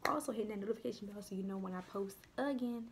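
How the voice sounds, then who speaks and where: Young woman vlogger, casual chatty delivery with soft near-whispered asides, over a faint noise floor. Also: mid-range voice, racing. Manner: chatty, addresses viewers as y'all, drops to soft near-whispers. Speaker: mukbang vlogger. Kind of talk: casual chat while eating.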